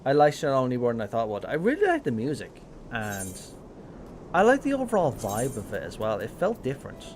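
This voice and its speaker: A man's voice: mid-range voice, wildly swooping pitch, fairly quick, slight background noise. An Irish man giving casual live-stream commentary on a game, rambling with lots of fillers and self-corrections. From Ireland.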